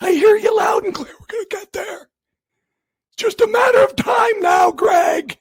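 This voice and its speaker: A man voicing a doddering old grandfather who is hard of hearing and calls out questions at a press conference. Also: measured pace. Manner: high, quavering, hard-of-hearing shouting.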